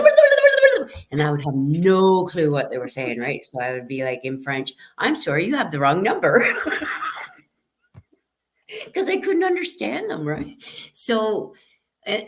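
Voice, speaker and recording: A woman in her fifties, a military police chief warrant officer, telling stories as a guest in a casual interview, lively and full of fillers, acting out the quotes. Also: a bass voice. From Canada.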